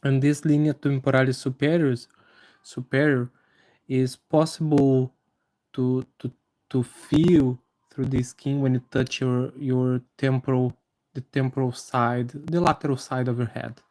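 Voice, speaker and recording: Guy drawing anatomy live, warm mellow voice, lots of restarts. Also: medium pitch, level tone. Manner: halting, many fillers and restarts, friendly to viewers. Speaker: anatomy drawing livestream host. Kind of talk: live drawing tutorial with chat greetings.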